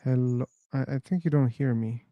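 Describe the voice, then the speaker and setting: A man's voice: medium pitch, normal speed, no echo, dull audio. A man hosting an online voice-chat room, rambling casually, laughing and swearing as he tells stories.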